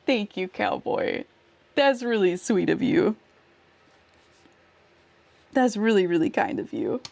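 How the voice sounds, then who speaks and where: Woman streamer, casual crafting chat, lively swinging pitch, easy slow delivery. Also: creaky. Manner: giggly, thanks viewers warmly, talks to herself while working.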